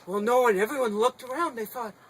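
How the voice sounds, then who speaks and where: A man telling a folk tale to a small group in a sukkah, dramatic and animated, with sudden swings between loud and hushed. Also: extremely high pitch, brisk, slight background noise, low-quality recording. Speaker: storyteller. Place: sukkah, a small outdoor booth.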